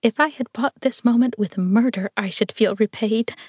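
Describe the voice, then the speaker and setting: A woman's voice: fairly high pitch, moderate pace, a little mellow, slightly rough, no room sound, studio quality, pitched above the performer's own voice. A woman reading aloud voices a tender, passionate young woman who speaks in a pleading, quivering way, in a raised voice. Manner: pleading, tremulous.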